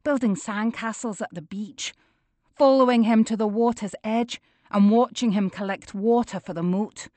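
A woman's voice: medium pitch, normal speed, darkish tone, dry recording. A woman narrating a first-person audiobook, intense and emotional, building to anger.

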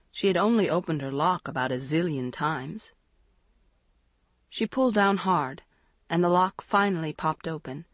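Woman audiobook narrator, measured storytelling; dry close-mic sound, lively pitch. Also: dry recording. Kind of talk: scripted narration.

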